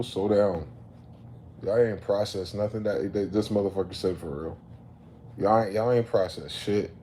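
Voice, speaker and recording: A man ranting in a late-night commentary vlog, animated and profane, repeatedly telling listeners to slow down. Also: on the low side, a little hiss or hum. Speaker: commentary vlogger. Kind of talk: late-night rant to camera.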